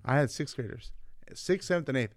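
A man's voice: medium pitch, fairly quick, no room sound, studio quality. A man in his forties, a vice principal and former coach, telling stories in a casual conversation and acting out the voices of people he quotes. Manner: animated, acts out quoted voices, says "man" and "like" often.

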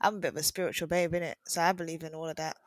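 A woman with a British accent co-hosting a podcast, telling stories in lively, emphatic casual chat. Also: sits low, rapid-fire, dry recording. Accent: British English. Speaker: podcast co-host.

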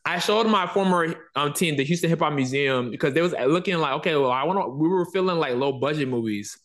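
A man's voice: on the high side, brisk. A man hosting a podcast, telling stories animatedly in casual conversation. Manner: animated storytelling, swearing. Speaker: podcast host.

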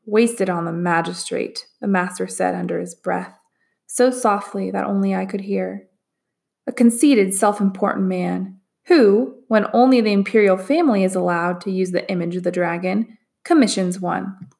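An older master painter, wise and a little stern, speaking in a hushed, measured manner as a woman reads him. His voice carries a gravelly fry at a middling pitch. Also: steady tone, lightly acted.

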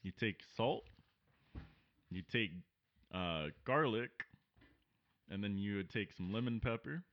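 A man's voice: on the low side, expressive, takes it slowly. A man co-hosting a comedy podcast with crude, mocking banter and plenty of swearing. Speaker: podcast co-host. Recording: dull lo-fi recording.

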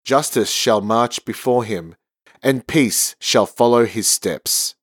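A man reads a psalm and a letter in a formal, measured voice, as at a church service. The sound is close and dry, with no room echo. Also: medium pitch, breathy edge. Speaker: lector. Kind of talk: liturgical scripture reading.

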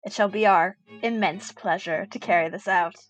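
A woman's voice: mid-range voice, moderate pace, soft background music. A woman playing a tabletop game, declaiming boastfully in character as a heroic warrior. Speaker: player. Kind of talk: in-character tabletop role-play.

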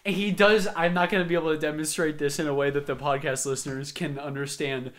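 A teenage boy co-hosting a casual podcast, telling stories with loud, animated acted-out quotes. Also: on the high side, quick pace. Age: teens. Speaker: podcast co-host. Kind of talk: casual chat.

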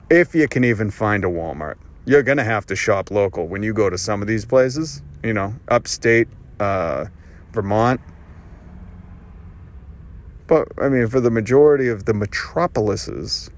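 A man hosting his own podcast, delivering a rambling, sarcastic and profane solo rant. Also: on the low side. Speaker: podcast host. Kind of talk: ranting monologue.

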